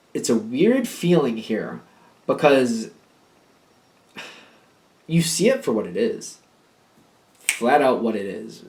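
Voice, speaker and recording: A man's voice: fairly low pitch, darkish tone. A man giving a casual tarot reading in a rambling, repetitive, emphatic way. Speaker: tarot card reader.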